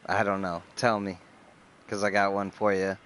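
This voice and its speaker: A young man chatting casually with friends, relaxed and laid-back. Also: sits low, moderate pace, a little hiss or hum. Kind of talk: casual chat among friends.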